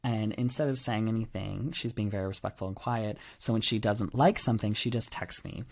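A man co-hosting a podcast from a remote call, chatting casually and playfully with jumps in pitch. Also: a little fast. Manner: animated, jokey, swings up in pitch. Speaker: podcast co-host. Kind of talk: casual chat.

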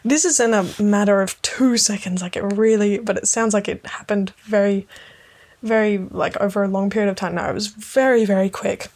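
A woman chatting alone in a loose, late-night ramble, piling up fillers and casual swearing. She breaks into giggles easily and drops her voice to a hush now and then. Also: medium pitch, steady tone, moderate pace. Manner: drops to a hushed voice at times. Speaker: podcast host.

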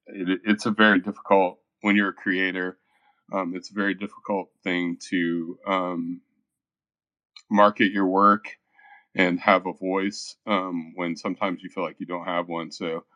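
A shy man hosting an online community room, speaking haltingly with frequent pauses. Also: low-pitched, no room sound, lo-fi sound. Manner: soft-spoken and halting, many pauses. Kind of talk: casual chat.

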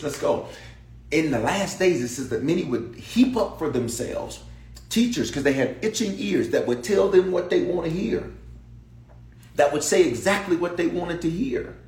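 A male pastor with a voice on the high side delivers a sermon in a large, echoey church sanctuary. Emphatic and repetitive, he keeps repeating phrases and calling out to his congregation.

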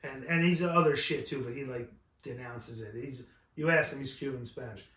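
A man's voice: medium pitch, moderate pace. Rambling, profane man in an echoey room. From New York. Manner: rambling, profane, animated storytelling. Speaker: podcast co-host. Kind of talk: casual chat. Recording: roomy echo.

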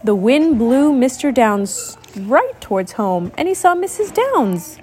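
A woman reading a picture book aloud, expressive and doing sound effects while explaining to a child. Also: high voice, unhurried, few pauses, music in the background. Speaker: storybook reader.

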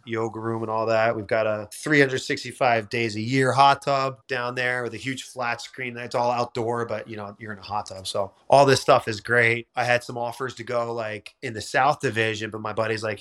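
A young man telling stories in a casual interview, animated and quoting people in quick chatty bursts. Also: medium pitch. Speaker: guest, pro hockey player.

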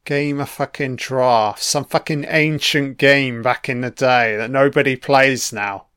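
A man's voice: medium pitch, fairly even intonation, unhurried, fairly bright tone, clear, resonant tone, dry recording, clean studio sound. A man giving a casual, rambling film commentary, swearing freely and chuckling between asides.

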